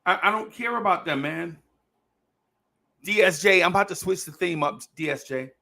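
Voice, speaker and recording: A male podcast host chatting casually about basketball in a bright, gravelly voice that sits a little high. He talks in an animated way, circles back over his own phrases and laughs often. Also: moderate pace. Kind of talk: casual sports podcast chat.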